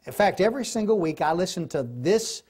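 A man's voice: high voice, animated, a little fast, darkish tone, husky. Folksy middle-aged male Bible teacher, conversational, recorded in class. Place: classroom or church hall.

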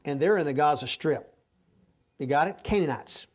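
A man preaches through a passage in a loose, conversational way, explaining as he goes. His voice sits high for a man. He keeps pausing to make sure his listeners are keeping up. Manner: folksy, repeatedly checks in with the listeners. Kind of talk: conversational verse-by-verse sermon.

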